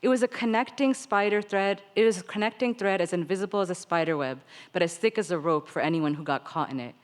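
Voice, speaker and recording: A woman author reading her own fiction aloud, in an expressive way with light laughter. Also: lowish voice, fast talker. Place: literary seminar stage. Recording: long reverb of a large hall.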